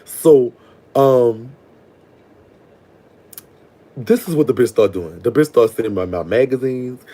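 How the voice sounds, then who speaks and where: A man tells a rambling story to his viewers, sassy and full of asides. His voice is mellow and a little husky. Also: mid-range voice, animated, slow. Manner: sassy, digressive, profane storytelling. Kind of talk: casual storytime monologue.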